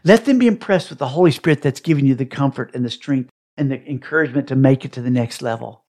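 Speaking fast at a medium pitch, a middle-aged podcast guest recounts a moving personal experience. He animatedly re-enacts other people's words, swinging dramatically as he quotes them.

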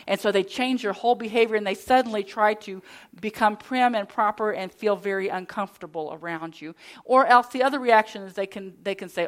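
A woman's voice: medium pitch, fairly quick. Earnest woman preaching a sermon. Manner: earnest storytelling with conversational asides. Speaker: pastor's wife preaching.

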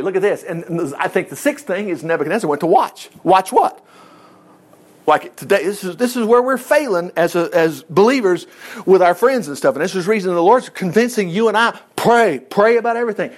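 A man's voice: high voice, animated, brisk. A man teaching a Bible chapter in a loose, rambling way, laughing often and acting out the quotes. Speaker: preacher.

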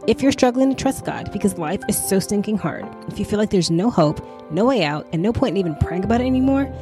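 A woman hosting a faith podcast, talking in an earnest, conversational, animated way to her listeners. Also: mid-range voice. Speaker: podcast host.

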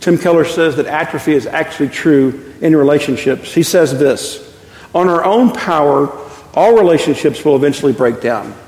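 A man's voice: on the high side, normal speed, a little mellow. A man in his fifties from Texas, preaching a sermon and telling stories with chuckles at his own jokes, in a church. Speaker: pastor. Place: church sanctuary. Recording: echoey hall with long reverb.

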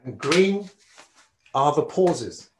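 A man teaching public speaking skills, talking with lively swings of loudness and pitch as he explains and demonstrates. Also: very slow, noisy background. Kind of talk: presentation skills lesson.

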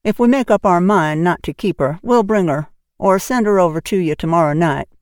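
A woman voicing a stern, brisk middle-aged spinster woman who speaks severely. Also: on the low side, no echo, clean studio sound, close to an everyday voice. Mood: measured.

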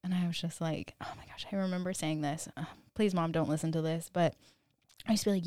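A woman's voice: lowish voice, fairly even intonation, quick pace, mellow, no echo, studio quality. A woman in her thirties hosting a solo podcast, talking in a rambling, candid way, full of "like" and "you know", and swearing freely at times. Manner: swears freely when quoting her younger self. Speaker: podcast host. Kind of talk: casual solo podcast monologue.

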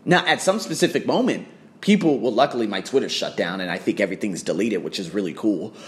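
A man's voice: on the low side, animated, fast. A man ranting bluntly to camera about business, swearing often and firing off rhetorical questions. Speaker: fitness trainer.

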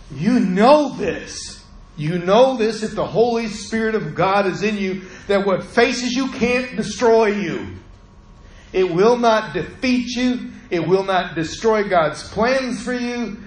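Storytelling male preacher in a roomy hall. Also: high voice. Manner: conversational storytelling, acts out quoted voices. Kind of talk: sermon with personal story.

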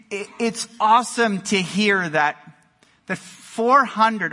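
A male pastor delivering an energetic sermon in a church, moving between loud exclamations and quiet emphasis. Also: high voice. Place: church sanctuary. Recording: long hall reverb.

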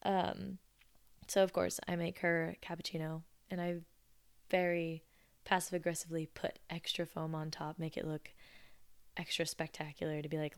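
A woman's voice: sits low, little pitch movement, moderate pace, clean tone. A woman in her twenties telling stories in a chatty, sarcastic, casual way. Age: 20s. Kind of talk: casual storytelling.

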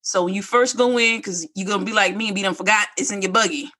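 A woman, co-hosting a podcast in casual chat and telling stories with high-pitched quoted voices. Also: fast, sharp tone. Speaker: podcast co-host.

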